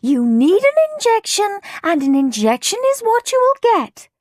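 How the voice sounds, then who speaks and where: A stern, no-nonsense nurse from a children's storybook, giving firm orders in a high, clipped voice, as a woman narrator puts her on. Her tone is bossy and leaves no room for argument. The sound is close and dry. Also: sing-song, takes it slowly, dry recording, heavily acted. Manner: firm, commanding.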